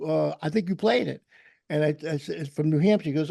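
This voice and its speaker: A middle-aged man with a New England accent, a podcast host telling rambling, animated anecdotes in casual chat. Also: fairly high pitch, fairly quick, vocal fry, dry recording, studio quality.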